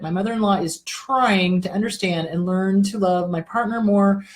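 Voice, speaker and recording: A middle-aged woman hosting an advice talk show, speaking bluntly with frequent swearing and emphatic repetition. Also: mid-range voice. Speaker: therapist host. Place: indoor room.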